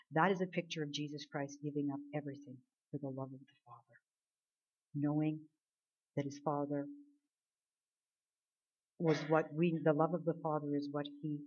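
A woman's voice: sits low, darkish tone, slightly rough. A woman preaching a sermon, retelling a Bible story earnestly and emphatically, with rhetorical questions to her listeners. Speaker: Bible teacher. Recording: dull lo-fi recording.

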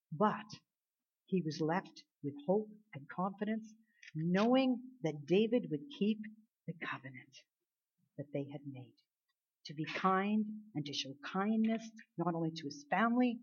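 A woman with a low, husky voice preaching a sermon. She retells the scripture in an earnest, emphatic way and presses her listeners with rhetorical questions. The recording sounds dull and lo-fi. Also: darkish tone. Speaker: Bible teacher.

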